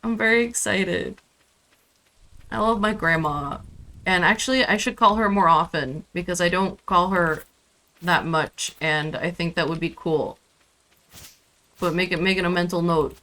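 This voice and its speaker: A woman's voice: fairly low pitch, measured pace, pushed and bright. A young adult woman chatting casually on a live game stream, rambling about her day and switching to baby talk with her cat. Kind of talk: casual live-stream chat while gaming.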